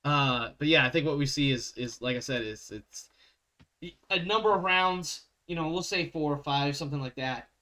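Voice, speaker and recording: Bright-voiced man running a tabletop game. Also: on the high side, normal speed. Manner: casual, rambling, laughs often. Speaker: game master.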